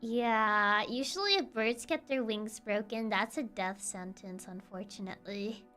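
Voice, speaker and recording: A woman's voice: mid-range voice, a little slow, pushed and bright, faint music behind. A young woman streaming a story game, with playful, teasing commentary that is full of giggles and stumbling restarts. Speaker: gaming streamer.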